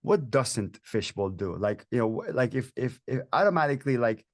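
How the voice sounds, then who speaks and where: A man's voice: medium pitch, lively intonation, moderate pace, no room sound, studio quality. A man hosting a webinar interview, enthusiastic and chatty, with frequent restarts and fillers. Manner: enthusiastic, talks in bursts with many restarts and fillers. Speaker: host.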